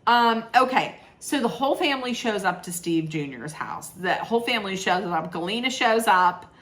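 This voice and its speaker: A woman's voice: medium pitch, lively intonation, moderate pace, fairly bright tone. A woman recapping a reality show in a chatty, sarcastic way, with laughing asides. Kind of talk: casual chat recap.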